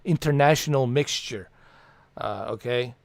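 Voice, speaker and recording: A man's voice: medium pitch, unhurried, no echo. A man hosting a casual livestream from home, rambling and swearing with lots of fillers. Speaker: livestream host.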